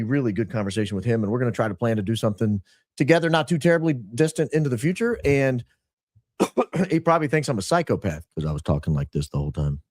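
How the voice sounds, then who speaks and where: A man hosting his podcast, clearing his throat often and nursing a dry, strained voice. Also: medium pitch, a little mellow, no echo. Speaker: podcast host. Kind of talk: casual show opening. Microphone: podcast microphone.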